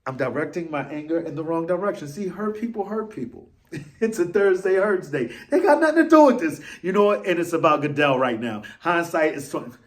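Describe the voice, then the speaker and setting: A man's voice: fairly high pitch, animated, a little fast. A man hosting a fan vlog, ranting in a rambling, slangy and self-mocking way. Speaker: vlog host.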